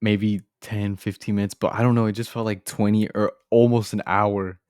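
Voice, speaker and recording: Young guy, deep low voice, rambly sheepish storytime, dry close sound. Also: little pitch movement, moderate pace, darkish tone, clear, resonant tone, no room sound. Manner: rambling, filler-heavy, a bit sheepish. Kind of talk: casual animated storytime narration.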